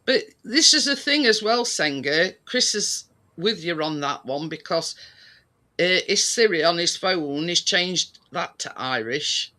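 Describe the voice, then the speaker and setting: A man chatting casually and reading a product label aloud in a halting way. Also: high voice, lively intonation, bright, forceful tone. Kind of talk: casual chat.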